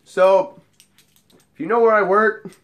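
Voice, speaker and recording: A man who works as a nightclub bouncer, telling funny bar stories in a casual, profane, animated way. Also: sits high, takes it slowly. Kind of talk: casual storytelling vlog.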